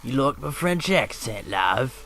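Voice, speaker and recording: A man's voice: mid-range voice, big pitch swings, unhurried, pushed and bright, full character voice. A man voicing a cheeky veteran WWII fighter pilot, narrating flight game footage in slangy old-timey banter. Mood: boastful. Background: faint electronic music.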